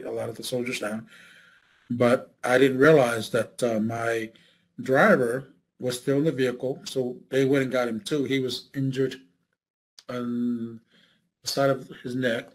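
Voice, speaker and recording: A man recounting his military service in an oral history interview, speaking haltingly with many fillers and restarts. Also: mid-range voice, slightly rough, rough recording.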